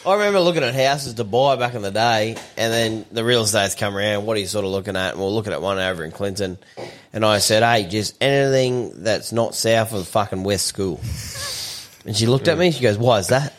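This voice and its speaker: A man's voice: on the low side, fairly quick. An Australian man with a dry sense of humour in a casual chat.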